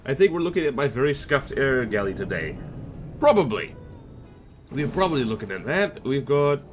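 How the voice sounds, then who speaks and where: A man's voice: medium pitch, very animated, normal speed, soft background music. An Australian man chatting playfully on a live stream, teasing himself and humming as he works. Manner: playful, self-mocking, chatty, hums to himself. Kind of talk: casual live-stream chat while working.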